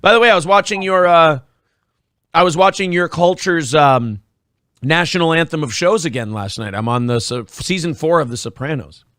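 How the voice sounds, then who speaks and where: A man's voice: a little high, expressive, moderate pace, fairly bright tone, no room sound, studio quality. A man hosting a morning talk show, chatting casually in a blunt, profane way. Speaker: host. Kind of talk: casual chat.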